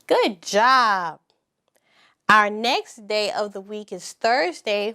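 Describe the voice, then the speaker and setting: A woman teaching a preschool circle-time lesson, speaking slowly and clearly with lots of encouraging praise for the children. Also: medium pitch, lively intonation, pushed and bright. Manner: slow, exaggerated, encouraging teacher talk.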